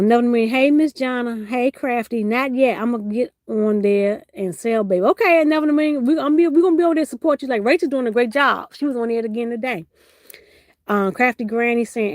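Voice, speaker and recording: A woman hosting a casual livestream, reading viewer comments aloud and greeting people by name with bursts of excitement. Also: a little high, no echo. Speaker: livestream host.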